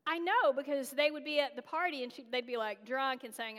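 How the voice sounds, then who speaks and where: A woman's voice: high-pitched, a little fast, hardly any pauses, fairly bright tone, big-room sound. A woman from North Carolina giving a storytelling sermon, candid and conversational, with self-deprecating asides. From North Carolina, USA. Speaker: guest preacher.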